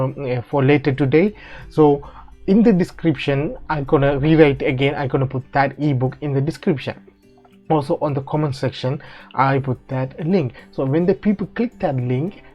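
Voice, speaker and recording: Faint music plays under dull, lo-fi audio as an online money-making tutorial host guides viewers through his screen recording. His medium-pitched delivery is casual and stop-start, full of fillers and restarts, with non-native phrasing.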